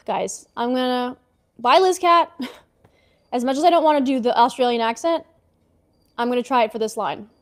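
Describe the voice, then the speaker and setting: A woman's voice: on the high side, normal speed, pauses often. A young woman livestreaming as she reads fan fiction aloud, chatty and giggly with lots of asides. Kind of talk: casual live reading of fan fiction.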